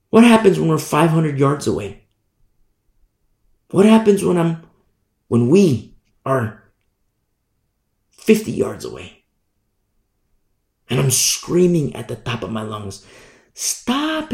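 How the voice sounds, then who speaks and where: Male preacher, gravelly and animated, lively pitch, echoey room sound. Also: unhurried, long pauses. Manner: animated storytelling, acts out shouted warnings. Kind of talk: sermon.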